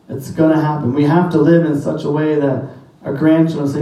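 A man's voice: on the high side, fairly even intonation, normal speed, warm tone. A man preaching a sermon as pastor, emphatic, quoting scripture in old-fashioned wording. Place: church sanctuary. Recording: very echoey church hall, mic at a distance.

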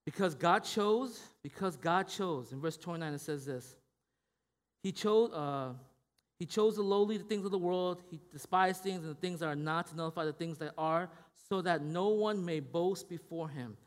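A man with a high voice preaches in a church, talking to the congregation in a loose, conversational way. He keeps checking in with "right?" and restarts his sentences, and the sound carries a long reverb. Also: moderate pace. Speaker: pastor. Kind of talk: sermon.

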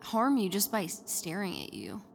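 A woman's voice: mid-range voice, wildly swooping pitch, moderate pace, creaky, a little hiss or hum. A woman co-hosting a paranormal podcast, chatty and casual, with many fillers. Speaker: podcast co-host. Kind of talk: casual chat.

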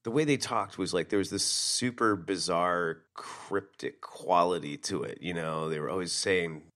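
A man's voice: low voice, moderate pace. A man co-hosting a podcast, chatting casually about a movie and acting out quotes, with lots of fillers. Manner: animated, lots of fillers and quoting. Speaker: podcast co-host.

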